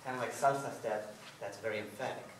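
A man's voice: on the low side, steady tone, fast talker, a little hiss or hum. A male salsa instructor counting beats aloud and explaining moves to a class in a casual, loose way. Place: dance studio, indoors. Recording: echoey studio from a distant camera.

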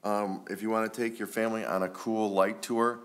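Deep-voiced man giving meeting remarks. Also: little pitch movement, brisk. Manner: warm, rambling, many ums. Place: township board meeting room.

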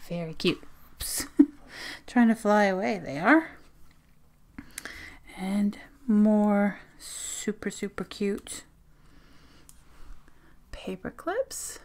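A woman from Australia chatting casually at her desk as she opens mail on her phone camera, gushing, giggling and sometimes dropping to a whisper. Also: medium pitch. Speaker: zine vlogger. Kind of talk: casual unboxing chat. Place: home desk.

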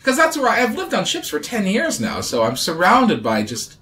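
Comedian dude on a podcast, joking around, voice jumps all over. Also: male voice, huge pitch swings, normal speed, pushed and bright. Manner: playful, dry jokes, swings up and down in pitch. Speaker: comedian guest. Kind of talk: casual chat. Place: cruise ship cabin.

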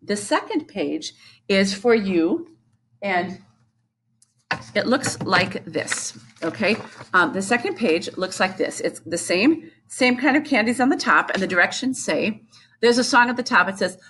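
A woman's voice: mid-range voice, animated, measured pace, fairly bright tone, breathy edge. A woman music teacher giving a recorded lesson to young children, explaining patiently and chanting rhythm syllables.

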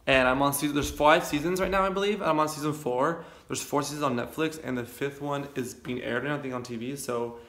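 A man's voice: mid-range voice, fast, hardly any pauses, a bit bright, roomy sound. A young man rambling casually to camera in his home kitchen, chatty and self-deprecating. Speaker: vlogger. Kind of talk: casual vlog chat.

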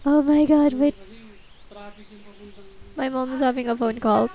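A woman giving excitable let's-play commentary, squealing and shouting when her character gets hit. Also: sits high, a little slow, creaky, long pauses. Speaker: gamer. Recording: game music in background. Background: video game music.

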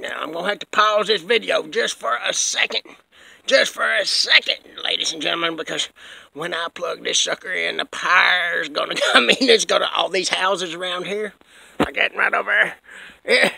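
A man, loudly showing off a custom power chair in a folksy sales pitch and often breaking into cackling laughter. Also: vocal fry. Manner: loud folksy hollering with frequent cackling laughs. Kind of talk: homemade showoff sales pitch.

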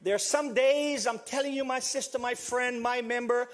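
A man's voice: extremely high pitch, fairly even intonation, normal speed. An older man with a Southern US accent preaching a funeral sermon, with dramatic swings in his delivery. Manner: preaching with dramatic swings, acting out quoted voices. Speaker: pastor.

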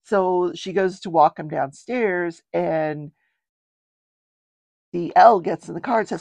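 A woman's voice: fairly low pitch, unhurried, vocal fry, darkish tone, no room sound. An older woman hosting a show, recapping a trial in a chatty, rambling way with wry asides. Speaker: true-crime show host.

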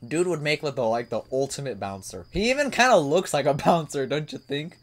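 A man's voice: on the high side, lively intonation, brisk. Laid-back man chatting over a game. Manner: laid-back, chuckling, talks to viewers while reading a visual novel. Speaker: gaming video host. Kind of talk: casual let's-play commentary.

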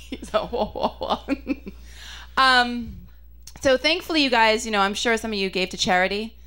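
A young woman doing a stand-up comedy set in a slightly high voice. She talks in a chatty, self-mocking way and lands her lines with punchy asides. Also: very animated, measured pace, bright, forceful tone, clear, resonant tone.

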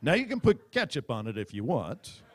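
A man playing a smooth-talking politician who soothes his wife, in a low, unhurried voice. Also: wildly swooping pitch. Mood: soothing. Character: smooth-talking male politician, calm schemer.

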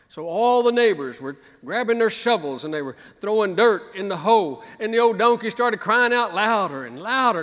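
A man's voice: high-pitched, expressive, brisk, few pauses, fairly bright tone, in a large hall. A man preaching a sermon as pastor, building up to repeated, rising exhortations. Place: church sanctuary.

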